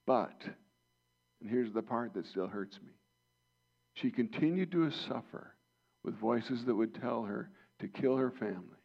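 A man's voice: medium pitch, a little slow, vocal fry. A man preaching a sermon as pastor, earnest and personal, rising to impassioned emphasis. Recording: dull lo-fi sound.

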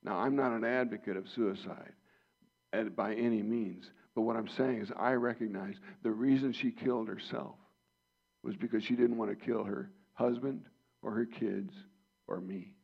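A man's voice: on the low side, fairly even intonation, normal speed, creaky. A man preaching a sermon as pastor, earnest and personal, rising to impassioned emphasis. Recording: dull lo-fi sound.

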